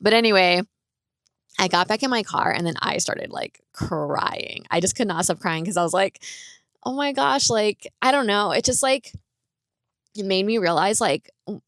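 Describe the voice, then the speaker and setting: A woman's voice: mid-range voice, moderate pace, fairly bright tone, no room sound, clean studio sound. A woman hosting her own podcast, telling a personal story in a chatty, rambling way with lots of "like". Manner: chatty, rambling, fills speech with "like". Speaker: podcast host.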